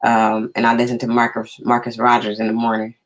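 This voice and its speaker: A man's voice: medium pitch, monotone, a little fast, rough recording. Laid-back man hosting a casual live chat. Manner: laid-back, greets viewers by name. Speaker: live stream host.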